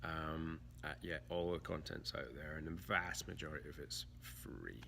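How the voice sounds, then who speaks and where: A man's voice: rumbling low, moderate pace, gravelly, noisy background. A middle-aged British man chatting as an interview guest, laughing easily and restarting mid-thought. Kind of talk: casual interview chat.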